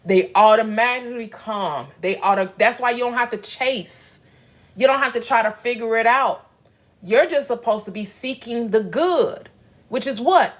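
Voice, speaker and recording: A woman's voice: on the high side, moderate pace. A woman giving a preachy spiritual talk, repeating phrases and asking questions back to listeners. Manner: preachy, repetitive, call-and-response. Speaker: spiritual teacher. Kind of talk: motivational spiritual teaching.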